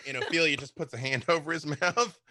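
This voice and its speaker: A man's voice: a little high, a little fast, background noise. A man narrating a survival horror tabletop game as game master in a loose, rambling way.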